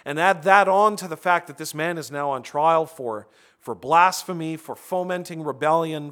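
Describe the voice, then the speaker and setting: A man's voice: on the high side, a bit bright. Man preaching a conversational sermon. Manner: conversational preaching with frequent restarts and asides. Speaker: pastor.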